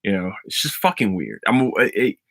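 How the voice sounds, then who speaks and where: A young man hosting a casual solo podcast, ranting about a TV finale in a profane, excitable, rambling way full of restarts. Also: fairly low pitch, normal speed, creaky, no echo. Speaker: podcast host.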